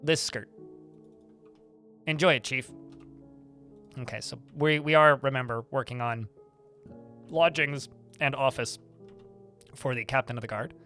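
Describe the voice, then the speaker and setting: Bright, chatty male streamer. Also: medium pitch, a little slow, pauses often, soft background music. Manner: rambling, chatty, swears casually, frequent restarts. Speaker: game streamer. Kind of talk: casual live-stream storytelling.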